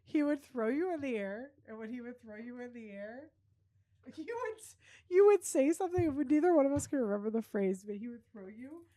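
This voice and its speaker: A woman's voice: fairly high pitch, expressive, a little fast, warm tone, dry recording. A woman hosting a podcast, telling family stories in a casual chat and laughing often. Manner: laughs often, chatty storytelling. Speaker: podcast host.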